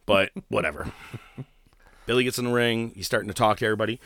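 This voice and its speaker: A man hosting a podcast, telling a profane story in a casual, animated way. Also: lowish voice, quick pace. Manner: profane, animated storyteller, voices others in quotes. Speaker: podcast host.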